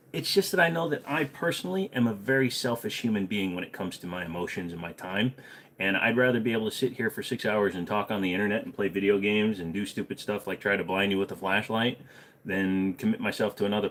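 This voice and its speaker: A man's voice: lowish voice, a bit bright, slight background noise. A middle-aged man hosting a casual livestream, answering chat with blunt jokes and humming between topics. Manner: blunt, joking, trails off into humming.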